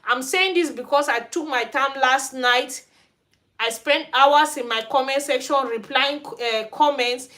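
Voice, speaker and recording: A woman's voice: sits high, unhurried, sharp tone. A woman from Cameroon with a Cameroonian accent, talking frankly on a livestream as host of her hair care channel. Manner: frank, ranting. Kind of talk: livestream chat. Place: Sweden.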